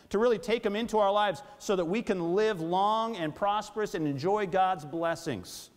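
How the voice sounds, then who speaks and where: Preaching man in an echoing church. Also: a little high. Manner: preaching with rising emphasis and questions to the congregation. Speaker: pastor. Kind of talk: sermon. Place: church sanctuary. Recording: long church hall reverb.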